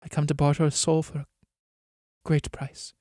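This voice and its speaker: A man's voice: on the high side, monotone, moderate pace, mellow, no room sound, clean studio sound, lightly acted. Kathleen, read by a man, grave noble countess. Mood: solemn. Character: noble countess, grave and self-sacrificing woman.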